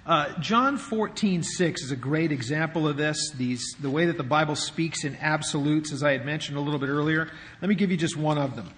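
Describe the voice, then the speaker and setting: High-voiced man preaching in a reverberant hall. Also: fairly quick, a bit bright. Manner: conversational preaching with rhetorical questions. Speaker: pastor. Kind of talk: sermon. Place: church sanctuary.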